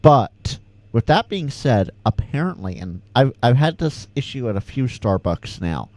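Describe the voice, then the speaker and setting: A man's voice: medium pitch, sing-song, a little slow, a little mellow, no room sound. Chatty Californian man, slight Southern twang. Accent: slight Southern American twang. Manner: chatty, reads chat aloud, stammers and repeats words. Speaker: ham radio livestream host. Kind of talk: casual livestream Q&A chat.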